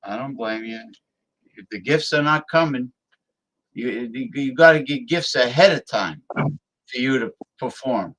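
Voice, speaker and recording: Man, co-host, casual chat, halting, stumbling. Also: mid-range voice, a bit bright, low-quality recording. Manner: halting, repeats words.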